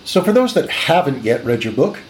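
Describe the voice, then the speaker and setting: A man's voice: medium pitch, sing-song, a little fast, slight background noise. A man hosting an interview, asking his guest a polite, inviting question. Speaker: host.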